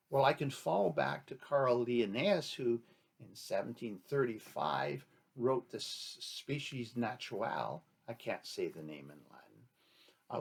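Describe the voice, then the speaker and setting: A man with a gravelly, husky voice gives an unscripted talk as a chief. He rambles and argues his point, throwing out rhetorical questions. His voice sits at an ordinary middle pitch. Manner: rambling, argumentative, poses rhetorical questions, acts out imagined dialogues. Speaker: grand chief giving a talk. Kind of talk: unscripted spoken commentary.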